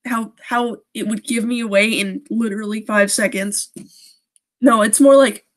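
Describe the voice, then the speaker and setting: A woman's voice: on the high side, steady tone, moderate pace. A young woman reading a creepy story on a live stream, often breaking off to laugh and make sarcastic jokes about the writing.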